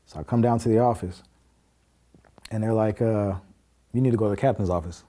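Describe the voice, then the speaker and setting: A podcast guest with a fairly low, dark voice talks a little fast as he casually relates a personal story. He acts out what people said in blunt, everyday words, using plenty of fillers and cursing.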